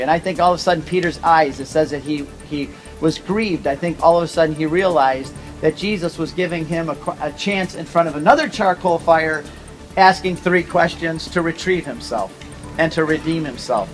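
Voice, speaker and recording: A man giving a casual Bible talk to a tour group, telling stories with quick asides and jokes. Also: fairly high pitch, faint music behind, poor audio. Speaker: pilgrimage tour teacher.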